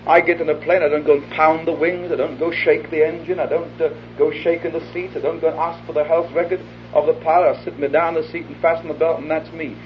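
Man preaching a sermon in a hall, a bit high-pitched, muffled old lo-fi tape with some hiss. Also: level tone, fast, few pauses. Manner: earnest, acts out little dialogues, drops to an intimate hush for the appeal. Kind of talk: evangelistic sermon. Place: hall before a live audience. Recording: dull lo-fi archive tape with faint hiss.

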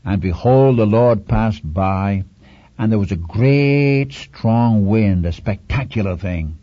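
A male preacher with a low, mellow, husky voice delivers an earnest sermon. He retells scripture with rising drama and pleads with his listeners, repeating his key points. The sound is dry and dull, like an old lo-fi recording. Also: lively intonation, takes it slowly, no room sound.

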